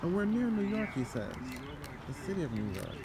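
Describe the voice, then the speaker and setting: A man's voice: high voice, big pitch swings, a little fast, over a noisy crowd. A man vlogging on a trip, talking casually to camera in a rambling way, full of fillers and self-corrections. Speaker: travel vlogger. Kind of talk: casual vlog talk to camera.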